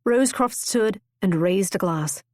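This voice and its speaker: A woman narrating a romance audiobook in a measured, expressive reading. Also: mid-range voice, no echo, clean studio sound. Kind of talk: scripted narration.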